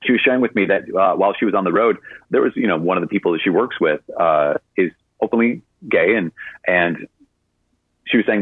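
Catholic priest, male, lower-pitched and somewhat breathy, responding to a caller on air, narrowband broadcast sound. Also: fairly quick, no room sound. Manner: conversational storytelling with frequent fillers. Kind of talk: answering a caller on a radio show.

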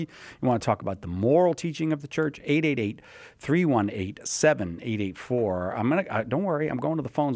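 Male radio host, call-in talk, animated pitch, dry close sound, teasing manner. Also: no room sound. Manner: brisk, teasing, repeats the phone number.

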